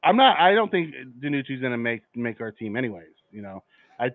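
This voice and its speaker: A man co-hosting a casual live football watch party, speaking in a relaxed, measured way with frequent stumbles and restarts. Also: medium pitch, no echo. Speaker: co-host of a sports watch-party stream. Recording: tinny phone-like line.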